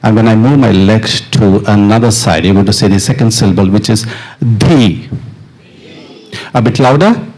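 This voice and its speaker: A middle-aged percussionist on stage with a mic, playfully coaching an audience to chant rhythm syllables. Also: male voice, on the low side, brisk, a little mellow. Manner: playful, encouraging, laughs often. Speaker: percussionist leading an audience exercise. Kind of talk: live stage talk with audience participation. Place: stage of a live dance performance.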